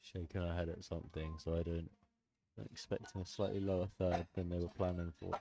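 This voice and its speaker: Deep-voiced man co-commentating powerlifting. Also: vocal fry. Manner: relaxed, laughs often, quick asides. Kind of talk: live sports commentary, casual chat.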